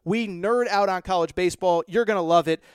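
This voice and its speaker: A man's voice: sits high, a little fast, clear, resonant tone, dry recording, clean studio sound. A man hosting a podcast, reading a joking, hyped-up sponsor ad in casual salesman patter. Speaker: podcast host. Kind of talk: host-read sponsor ad.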